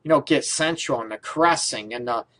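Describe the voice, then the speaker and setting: A man's voice: mid-range voice, fairly quick, a bit bright. A man hosting a relationship radio show, talking casually in a rambling way, full of fillers and frequent laughter. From Detroit area.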